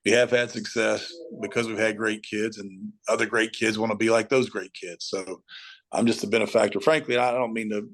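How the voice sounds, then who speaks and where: A middle-aged man, a high school football coach, telling stories as an interview guest and acting out his own shouting at the TV. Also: moderate pace. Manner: animated storyteller, acts out shouting at the TV.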